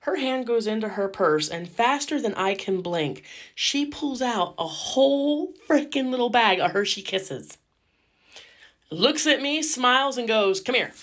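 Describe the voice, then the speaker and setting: Cheeky, lively woman telling a story. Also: on the high side, unhurried. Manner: lively, cheeky, swears freely. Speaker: caregiver. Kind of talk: casual storytelling.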